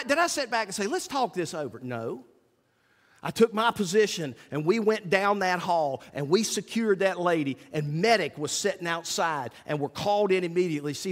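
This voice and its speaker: A middle-aged man preaching a sermon, telling a story with lively acted-out quotes. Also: sits high. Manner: animated storytelling, acts out quotes loudly. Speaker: pastor. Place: church sanctuary. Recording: long reverb of a church hall.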